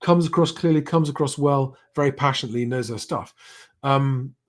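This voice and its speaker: A man's voice: medium pitch, normal speed. A middle-aged man hosts a casual live stream, reading out chat comments and rambling with many fillers and restarts.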